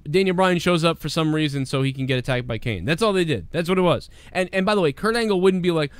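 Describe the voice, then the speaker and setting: A man co-hosting a casual review chat, ranting and mocking with shouted impressions. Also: high-pitched, fast talker, few pauses, smooth, dry recording. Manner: animated, mocking impressions, swearing. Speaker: co-host. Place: room with glowing lights behind.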